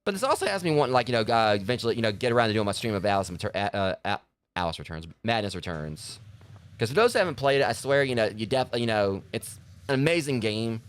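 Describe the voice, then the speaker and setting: A man's voice: on the low side, big pitch swings, fast talker, clear, resonant tone. A man streaming a video game and chatting casually about it, rambling with lots of filler words and restarts. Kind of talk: casual gameplay commentary.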